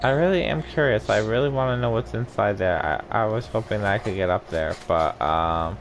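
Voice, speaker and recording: A man's voice: fairly low pitch, moderate pace, slight background noise. A young man streaming a game and bantering playfully with a friend, teasing and laughing often. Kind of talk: casual banter while gaming.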